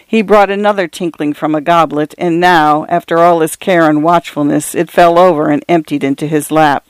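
A man narrating a first-person story in a measured, even way. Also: fairly high pitch, clear, resonant tone, dry recording.

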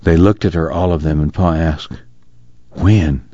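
A man narrating a novel in a steady, measured reading, on a dull lo-fi recording. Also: rumbling low, dry recording. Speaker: audiobook narrator. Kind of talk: scripted narration.

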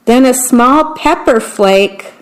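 A woman reads picture books aloud slowly and gently, pausing to describe what is on each page. Her voice sits a little high for a woman. Her delivery is unhurried. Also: rough recording. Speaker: storybook reader.

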